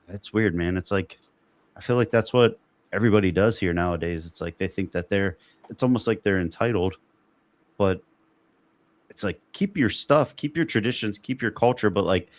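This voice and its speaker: Low-voiced male podcast host. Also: normal speed. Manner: rambling, laughs often. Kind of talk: casual roundtable chat.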